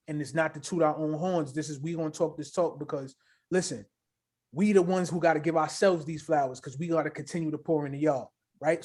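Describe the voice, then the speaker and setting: A man co-hosting a casual crypto livestream, talking in an animated, hyped way with a habit of tagging "right?" onto his sentences. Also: on the high side. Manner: animated, hyped, repeats himself with filler "right?". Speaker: crypto show co-host.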